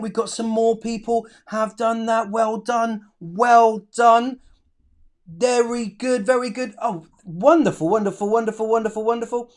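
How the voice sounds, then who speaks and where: A teacher leading a live online lesson for children, reading out their answers and praising them warmly. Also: medium pitch. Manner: encouraging, praising, reads out answers. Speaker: primary school teacher.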